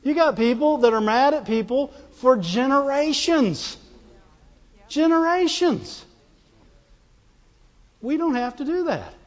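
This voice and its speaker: Fervent preacher, high male voice, long echo in a big hall, call-and-response delivery. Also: moderate pace, hardly any pauses, a little mellow. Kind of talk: sermon. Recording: dull lo-fi sound with long hall reverb.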